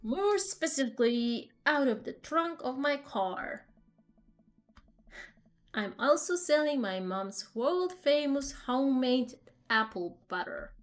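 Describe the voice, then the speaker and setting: A woman's voice: high voice, steady tone, measured pace, few pauses, faint music behind, pitched above the performer's own voice. A woman doing a hustling shirt-selling guy with a shaky Swedish accent. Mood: salesy. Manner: attempted Swedish accent, drawn out. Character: hustling man hawking band shirts.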